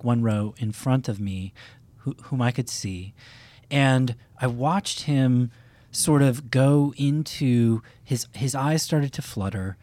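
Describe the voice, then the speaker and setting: A man co-hosting a podcast who talks in casual chat, halting and often restarting his sentences. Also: mid-range voice, darkish tone, no room sound. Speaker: podcast co-host.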